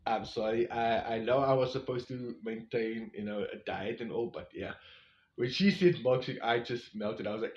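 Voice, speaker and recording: A man's voice: medium pitch, lively intonation, moderate pace. A man, rambling through a casual storytime recap of his long walk with lots of fillers and asides. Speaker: vlogger on a long-distance walk. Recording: roomy, slightly dull recording.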